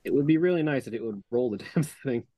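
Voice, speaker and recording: A man's voice: medium pitch, expressive, quick pace, warm tone, no echo, clean studio sound. A man playing in a tabletop game, chatting casually and laughing as he talks. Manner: chatty, laughs while talking. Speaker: player.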